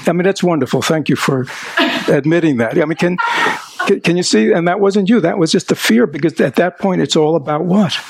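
A man with a slightly higher voice and a gravelly, creaky edge leads a live seminar talk. He coaches a participant with patient, probing questions, often repeating himself, over a faint hiss. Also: brisk. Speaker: workshop speaker coaching a participant.

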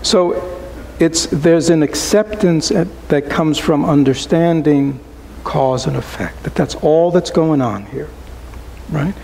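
A man giving a relaxed, conversational dharma talk to a small group as a Buddhist teacher, often asking rhetorical questions and adding "right?". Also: fairly high pitch, slow, creaky, a little hiss or hum, rough recording.

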